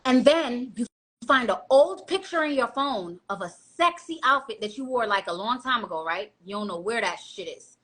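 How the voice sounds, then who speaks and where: A woman's voice: fairly high pitch, lively intonation, normal speed, fairly bright tone. A woman giving blunt dating advice in a casual monologue, lecturing and asking rhetorical questions.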